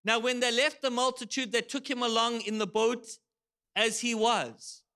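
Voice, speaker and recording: Male pastor, high bright voice, lively sermon delivery with shouted quotes. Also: moderate pace, smooth. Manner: animated storytelling, shouts quoted lines. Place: church.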